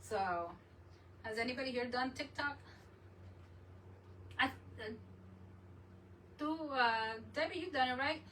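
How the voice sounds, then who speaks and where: A woman's voice: high-pitched, slow pace, pauses often, pushed and bright, recorded from a distance, slight background noise, rough recording. A woman hosting a crafting channel, chatting casually and rambling as she works, often laughing. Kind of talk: casual live chat while crafting.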